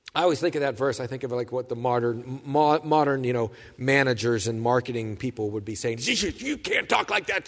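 A man preaching a sermon, telling stories with lively asides and acting out the voices of the people he quotes. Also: a little high, long reverb tail. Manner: animated storyteller, acts out quoted voices. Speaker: pastor.

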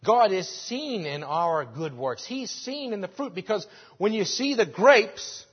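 A man preaching a sermon as pastor, earnest, rising to loud emphasis and dropping back to quiet, with frequent restarts. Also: high voice, animated, a little slow, breathy edge. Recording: dull sound in a reverberant hall.

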